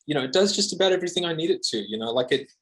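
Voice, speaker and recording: A man's voice: on the high side, animated, racing, fairly bright tone, husky. A man with an Australian accent, a guest guitarist on a podcast, talking casually and self-deprecatingly with lots of fillers and restarts.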